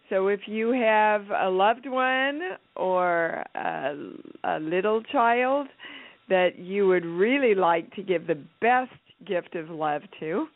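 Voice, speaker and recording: A woman's voice: mid-range voice, no echo. A woman hosting a radio talk show, playful and effusive, chatting casually with fillers. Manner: bubbly, effusive, with fillers and giggles. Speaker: radio show host and channeler. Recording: tinny phone-line radio sound.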